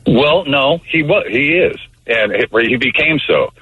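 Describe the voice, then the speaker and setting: A man's voice: mid-range voice, animated, unhurried, slightly rough, no echo, lo-fi sound. A man telling a long story as a guest on a casual radio chat, rambling with fillers and restarts.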